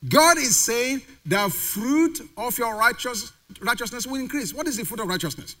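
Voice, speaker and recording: A male pastor preaches in a church sanctuary, his voice pitched high and swinging widely up and down. The tone is bright and forceful as he throws questions out to the congregation and waits for them to answer back. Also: expressive, moderate pace. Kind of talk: sermon.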